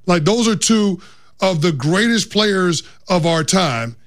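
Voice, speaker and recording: A man co-hosting sports talk radio, talking excitedly and repeating words for emphasis. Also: high-pitched, slow.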